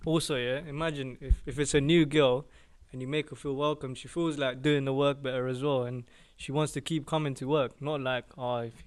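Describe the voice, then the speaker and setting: A man's voice: medium pitch, fairly even intonation, a little fast. A young man, co-hosting a casual chat and challenging points with questions. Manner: puts in questions and challenges, ends lines with "innit". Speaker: podcast co-host.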